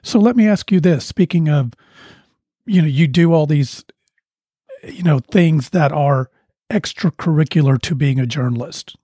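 Male interviewer, fairly high husky voice, mellow tone, measured questions, dry sound. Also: no room sound. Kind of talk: interview conversation.

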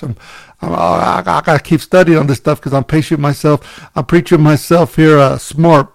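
A man's voice: mid-range voice, no echo. A man preaching a conversational sermon, candid and self-deprecating, often restarting his sentences and checking in with "right?".

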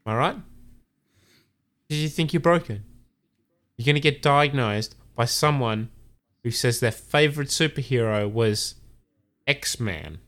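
A man's voice: medium pitch, animated, unhurried, pauses often, a bit bright. A man voicing a young man's smug, scheming evil alter ego, speaking in a slightly raised, needling way.

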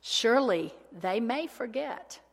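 A woman's voice: fairly high pitch, expressive, takes it slowly. Woman preaching in a reverberant hall. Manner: dramatic, swings between loud proclamation and hushed whispers. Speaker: speaker. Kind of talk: sermon.

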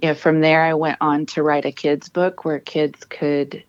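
Woman in her thirties, low voice, earnest storytelling, dry muffled recording. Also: flat delivery, normal speed, no echo. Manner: earnest, emotional, with many restarts. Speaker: military spouse and author. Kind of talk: personal storytelling in an interview.

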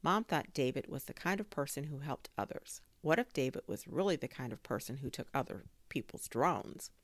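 A woman narrating a children's chapter book aloud in an expressive storytelling manner. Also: extremely low pitch, normal speed, dry recording. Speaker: audiobook narrator.

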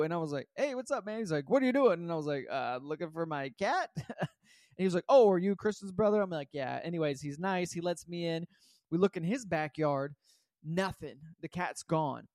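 A man's voice: a little high, dry recording, studio quality. A man hosting a casual monologue, telling a rambling personal story with lots of "like" and "right?". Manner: rambling, animated, full of "like" and "right?". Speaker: podcast host.

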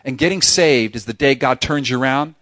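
A man preaching a sermon as pastor in a church, talking in an animated, emphatic way with lots of repetition, sometimes acting out voices. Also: medium pitch, fairly quick, no room sound. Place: church sanctuary.

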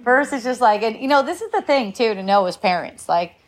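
A woman's voice: a little high, lively intonation, brisk. A middle-aged woman telling a story about her sons in a casual chat, laughing often and rambling with many restarts.

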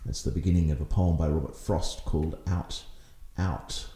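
Podcast host, male, low mellow voice, reflective explainer, roomy echo. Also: steady tone, moderate pace. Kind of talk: casual discussion.

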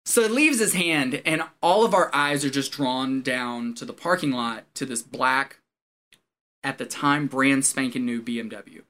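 Speaking at an unhurried pace in a medium-pitched voice, an ex-Marine recounts a story during a casual chat. He's lively and foul-mouthed, frequently breaking into laughter.

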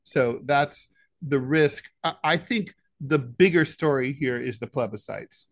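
A man co-hosting a political discussion podcast who talks in a halting way, with many "uh" fillers between phrases. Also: medium pitch, no echo. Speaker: podcast co-host, editorial cartoonist.

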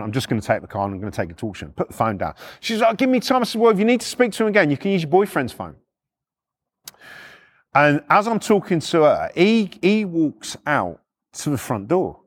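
A middle-aged man, a former repossession agent, telling blunt, sweary stories in a casual way. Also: mid-range voice. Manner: blunt, sweary, animated retelling. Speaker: former repo man storyteller. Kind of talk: casual storytelling.

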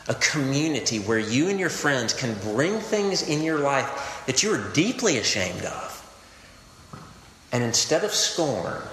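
A man delivers a conversational, earnest sermon with a bright, forceful voice. The sound is roomy, with a long reverb tail from a large hall. Faint ambience sits under his words. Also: mid-range voice, a little hiss or hum. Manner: earnest, conversational preaching with quoted anecdotes. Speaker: campus ministry pastor.

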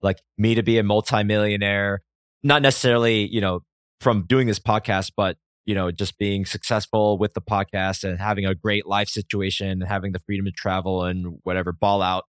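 A man's voice: lowish voice, little pitch movement, brisk, clean tone, no room sound, clean studio sound. A man hosting his own podcast, talking alone in a rambling, self-reflective way with frequent swearing. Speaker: podcast host. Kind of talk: solo podcast monologue.

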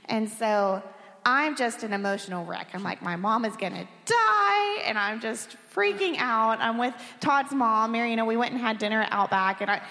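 A woman's voice: a little high, lively intonation, moderate pace, vocal fry, sharp tone. Woman pastor telling a personal story. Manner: candid, emotional storytelling with light laughs. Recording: long hall reverb.

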